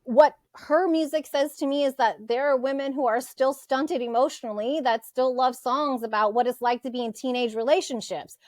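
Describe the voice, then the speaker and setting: A woman's voice: high voice, moderate pace, few pauses, dry recording, clean studio sound. A woman in her forties co-hosting a casual podcast chat, ranting bluntly and swearing freely. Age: 40s. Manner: blunt, profane, animated rants. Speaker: co-host.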